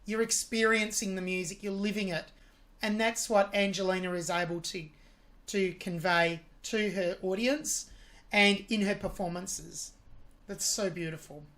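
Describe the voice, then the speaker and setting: A woman's voice: mid-range voice, fairly even intonation, a little slow, a bit bright. A woman hosting a music reaction video, analysing a singer's vocal technique with admiring commentary.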